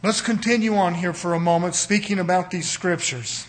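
A man's voice: high-pitched, steady tone, normal speed. A man preaching a sermon to his congregation, stressing key words and often calling out "brothers and sisters". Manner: preaching with rising and falling emphasis, repeated "brothers and sisters".

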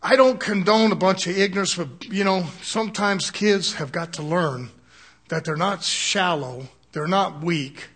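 High-voiced older preacher, folksy. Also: male voice, measured pace, fairly bright tone, husky. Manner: folksy, chuckling, punctuates with "Amen?". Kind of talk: sermon.

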